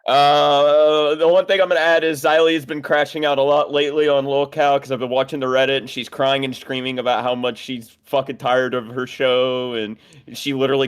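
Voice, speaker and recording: Male co-host, mid-pitched voice, teasing and blunt banter. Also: smooth. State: sober. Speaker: podcast co-host. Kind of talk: casual chat.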